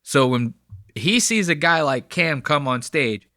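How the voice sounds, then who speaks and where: A man talks over comedy clips in a loose, blunt way, swearing freely as he explains things. His voice is bright and forward, and it sits dry and close to the mic. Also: a little high, animated, unhurried, no room sound. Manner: profane, blunt, chatty. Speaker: commentator reacting to clips. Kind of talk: casual commentary.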